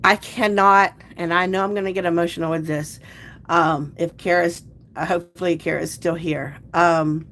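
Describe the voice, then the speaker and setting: A woman's voice: lowish voice, moderate pace, a bit bright. A woman hosts a casual livestream, chatting loosely with viewers and reading out their comments. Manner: chatty, rambling, restarts sentences. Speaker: livestream host.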